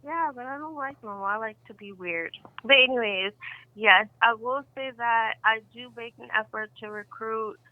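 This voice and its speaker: A woman's voice: a little high, moderate pace, no room sound. A woman calling in as a podcast guest, quirky and playful in her chat. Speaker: phone-in guest. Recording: tinny phone line.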